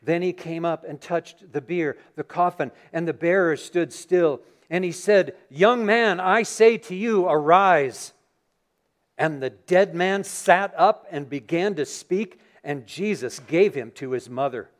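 A pastor delivering a Sunday sermon, his voice sitting high for a man. He moves from reading scripture to vivid, animated storytelling, acting out the scene for the congregation. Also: a little slow, hardly any pauses. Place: church sanctuary.

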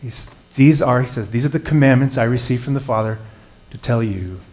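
Male pastor, earnest conversational sermon, swells into emphasis, mid-pitched voice. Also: fairly quick, darkish tone.

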